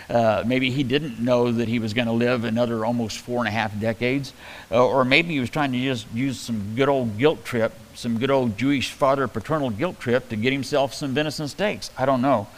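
A man preaching a conversational Bible-teaching sermon, talking in a halting way with many fillers and restarts. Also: medium pitch, a bit bright, low-quality recording. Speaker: pastor.

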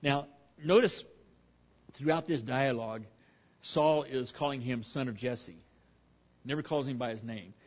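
A man's voice: mid-range voice, measured pace, long pauses, darkish tone, slightly rough. A man preaching verse by verse through a Bible passage, talking conversationally with frequent restarts and fillers.

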